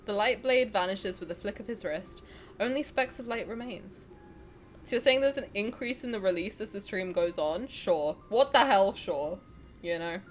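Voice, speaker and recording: High, lively-voiced woman streamer. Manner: giggly, crude joking, reads story text aloud. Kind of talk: casual reaction stream chat.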